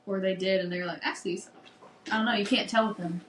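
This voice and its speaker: Excited woman gushing over a book. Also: medium pitch, fast, reverberant, very noisy. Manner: excited, swears freely, retells scenes with quoted dialogue. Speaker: podcast co-host. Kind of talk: casual book review chat.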